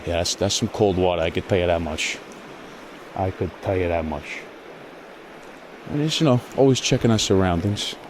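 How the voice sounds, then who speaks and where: Out fishing by cold water, a man vlogs and mutters profane, frustrated remarks to himself in casual solo commentary. His voice sits low and moves fairly quickly, with noise in the background.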